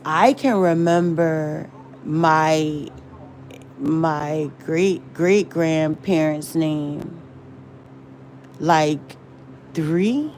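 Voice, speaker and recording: Slow-talking woman, rambling. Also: low voice, steady tone, darkish tone, slight background noise. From American South. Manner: rambling, searching for words. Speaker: livestream host. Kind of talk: casual livestream chat.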